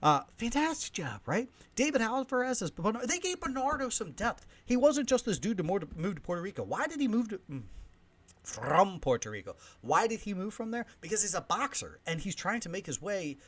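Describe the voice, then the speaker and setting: A man in his thirties or forties hosting a podcast, ranting excitedly in a movie review, swinging between loud emphasis and soft asides. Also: high-pitched, fairly quick. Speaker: podcast host, film reviewer.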